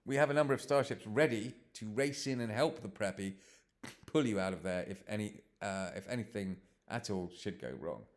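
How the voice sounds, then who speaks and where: A man's voice: fairly low pitch, moderate pace, natural voice. A man voicing a smug male starship show host who talks in a breezy, self-assured, pushy way.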